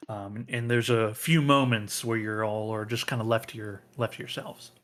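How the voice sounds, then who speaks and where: A man narrating as game master of a tabletop role-playing game, halting with many ums and uhs. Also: on the low side, fairly even intonation, a bit bright.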